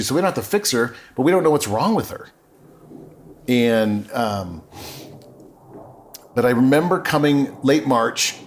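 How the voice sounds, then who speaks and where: A middle-aged man, a podcast guest, telling his personal story in an earnest, openly emotional way with frequent restarts. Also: medium pitch.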